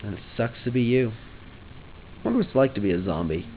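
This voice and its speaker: A man's voice: medium pitch, very animated, quick pace, phone-quality sound, slight background noise. A young man vlogging casually, joking offhand, trailing off and restarting his thoughts. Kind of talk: rambling casual vlog.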